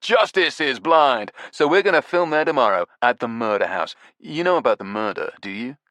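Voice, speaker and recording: A man voicing a brash, excitable male TV presenter who talks loudly and laughs at his own jokes. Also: medium pitch, normal speed, dry recording, voice pushed up, close to an everyday voice. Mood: gossipy. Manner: loud, pushy, slangy, laughs at own jokes. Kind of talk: audiobook character voice.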